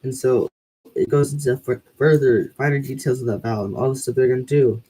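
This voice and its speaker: A man's voice: medium pitch, steady tone, brisk, warm tone, breathy edge, low-quality recording. A man who is losing his voice reads scripture aloud, then sums it up in a rambling way full of fillers. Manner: rambling, filler-heavy summary. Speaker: Bible reading channel host. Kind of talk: scripture reading and casual recap.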